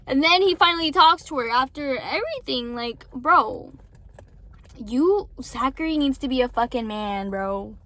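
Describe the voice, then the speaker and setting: A woman's voice: sits high, expressive, normal speed, fairly bright tone, no room sound. A young woman venting to her viewers in a rambling, casual way, swearing often and then apologizing. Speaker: vlogger.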